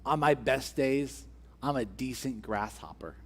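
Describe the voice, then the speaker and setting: A man's voice: mid-range voice, a little slow. A man preaching a sermon as pastor, driving his point home with repeated rhetorical questions and building emphasis.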